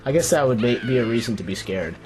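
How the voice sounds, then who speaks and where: This let's play host is a young man with a mid-range, animated voice who talks fast. His gameplay commentary is playful and jokey, full of rambling, restarted sentences and remarks aimed at the characters on screen, all over game music.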